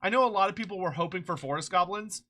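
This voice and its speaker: A streamer chatting casually on a live stream, excitable and rambling, swearing freely and laughing often, short on sleep. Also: mid-range voice, quick pace. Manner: rambling with frequent restarts.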